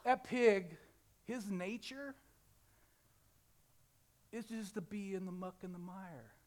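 An Ozarks pastor with a high voice preaches slowly, swinging between loud emphasis and hushed lines. He poses rhetorical questions to his listeners and acts out a crying baby.

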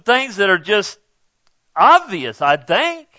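A man's voice: fairly high pitch, animated, a little slow, a bit bright, no room sound, lo-fi sound. A middle-aged male pastor preaching a sermon in a conversational way, often checking in with "okay?".

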